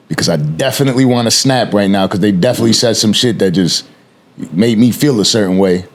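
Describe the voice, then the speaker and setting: Low-voiced man hosting, acting out scenes. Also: fast talker. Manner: storytelling, acts out scenes in quoted voices. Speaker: podcast host. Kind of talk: casual podcast conversation.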